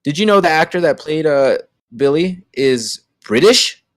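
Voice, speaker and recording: A man's voice: fairly high pitch, lively intonation, measured pace, dry recording. A man co-hosting a casual podcast, rambling along with lots of fillers and restarts. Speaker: podcast co-host. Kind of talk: casual chat.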